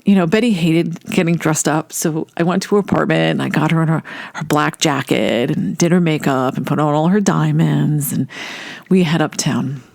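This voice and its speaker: A woman casually telling a personal story, animated and acting out the voices of people she quotes. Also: sits low, moderate pace, gravelly, dry recording. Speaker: storyteller recounting a personal memory.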